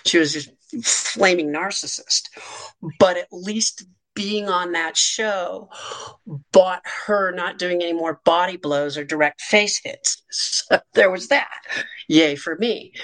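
A middle-aged woman with a slightly low-pitched voice tells a candid story from her past as a child actor. She speaks frankly and with dry wit, often breaking into brief laughs. She restarts phrases as she gathers her thoughts, in the loose rhythm of a conversational interview. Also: slow pace, fairly bright tone.

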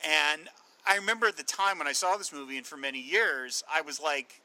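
A man hosting a casual film podcast, his voice slightly high and very bright. The recording is close and dry. He retells scenes in an animated, chatty way. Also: brisk, no echo, poor audio. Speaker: podcast host.

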